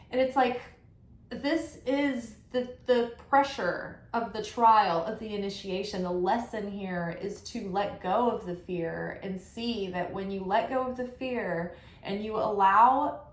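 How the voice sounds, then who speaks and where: A woman giving a casual spiritual tarot reading, animated and chatty, full of affirmations and frequent "like". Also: medium pitch. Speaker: tarot reader. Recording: roomy echo.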